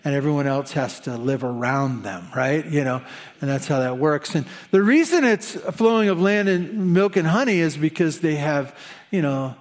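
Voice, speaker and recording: A man preaching a sermon as pastor, animated and conversational, with humorous asides. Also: a little high, moderate pace.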